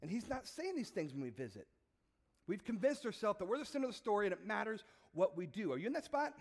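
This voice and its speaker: A man's voice: high voice, big pitch swings, fast talker. A man preaching a sermon, telling stories and acting out the voices in them in a conversational way. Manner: acts out voices in illustrations, conversational. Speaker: pastor.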